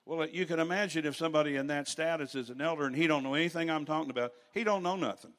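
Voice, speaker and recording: An older man preaching a sermon in a church, telling stories with rambling asides and rising to loud preaching at times. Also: fairly high pitch, fast talker.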